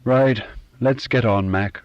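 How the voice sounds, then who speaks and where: Brisk, commanding middle-aged man sorting out the relatives, read by a male narrator; dry, close recording. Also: mid-range voice, dry recording, lo-fi sound, voice pushed up, close to an everyday voice.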